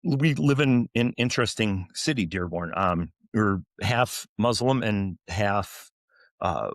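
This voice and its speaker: A man's voice: lowish voice, fairly bright tone, no room sound, clean studio sound. A man in his forties, a firefighter officer, telling stories in an interview with earnest restarts and fillers. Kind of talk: storytelling interview answers.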